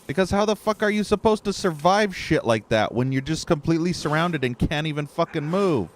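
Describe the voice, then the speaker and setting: A man's voice: on the high side, animated, brisk. Ranting, profane man streaming a game. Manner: profane, ranting, easily frustrated. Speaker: gameplay streamer. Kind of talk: live gameplay commentary.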